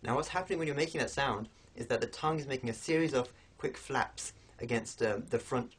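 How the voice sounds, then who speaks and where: Guy teaching pronunciation, kinda husky, patient, says each sound slow twice. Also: mid-range voice. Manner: patient, explanatory, repeats sounds slowly for demonstration. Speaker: language teacher. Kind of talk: recorded lesson on pronunciation.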